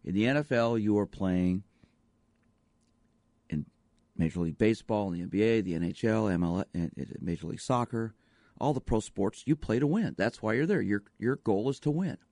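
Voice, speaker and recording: Hosting a radio show as a sports psychologist, this man delivers an emphatic talk monologue full of repeated rhetorical questions. His voice sits lowish and a little mellow, moving at a moderate pace with no echo.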